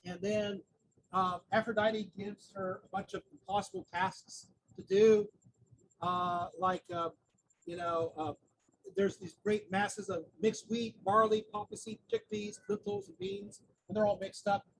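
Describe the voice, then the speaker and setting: A man's voice: high voice, unhurried, gravelly, rough recording. A man giving an outdoor lecture, retelling a myth in a chatty way with humorous asides. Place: outdoors near a busy street corner. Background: faint traffic noise.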